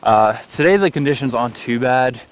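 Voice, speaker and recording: A man's voice: medium pitch, animated, a little fast. A young man from South Africa giving casual, upbeat winter hiking tips in a vlog, full of "like" fillers. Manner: chatty and upbeat, with many "like" fillers. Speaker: vlogger.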